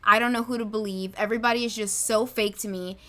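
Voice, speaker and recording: A woman's voice: a little high, fairly even intonation, fast, bright, forceful tone. A woman voicing a bitter, worn-out teenage girl in a life-sim game story, speaking in a weary, defeated way. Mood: fed up.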